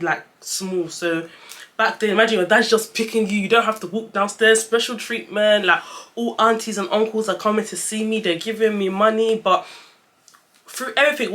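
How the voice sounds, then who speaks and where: A woman's voice: medium pitch, fairly bright tone. A young woman telling a personal story in a casual vlog, chatty and close to tears at times. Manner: chatty, emotional, fighting back tears. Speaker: vlogger.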